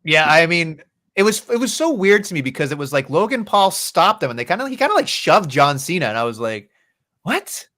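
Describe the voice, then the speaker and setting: A man's voice: fairly high pitch, big pitch swings, fairly quick, pushed and bright. A man co-hosting a podcast, chatting casually about wrestling in a rambling, profane way. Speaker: podcast co-host.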